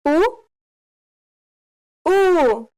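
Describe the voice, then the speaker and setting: A woman modeling single sounds and words with drawn-out, careful enunciation. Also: very high-pitched, very animated, a little mellow. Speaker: native-speaker pronunciation model. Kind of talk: slow isolated word pronunciation.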